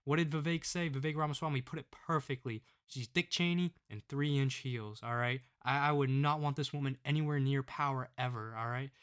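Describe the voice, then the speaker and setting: In a political commentary vlog, a man with a smooth, resonant, fairly bright voice at a middle male pitch rants with open scorn. He talks fairly quickly with few pauses, hammering his points home with a pushy "all right?".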